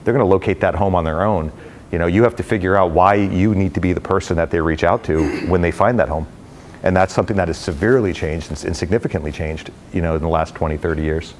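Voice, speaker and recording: A middle-aged man tells stories to a room of brokers in an energetic, rambling way, full of fillers. His voice sits very low and he talks fast. A faint hiss runs under the talk. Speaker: real estate executive speaking to brokers. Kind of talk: casual talk to a live audience. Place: company headquarters event space.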